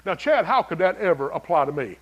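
Animated preacher man. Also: on the high side, fairly quick, muffled recording. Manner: folksy, animated preaching with rhetorical questions. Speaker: pastor. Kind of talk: sermon.

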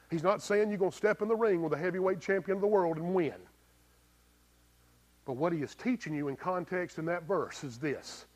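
A pastor delivers a sermon in a slightly raised pitch, swinging between loud, emphatic bursts and hushed, low lines. His talk is plain and folksy, peppered with rhetorical questions for his listeners.

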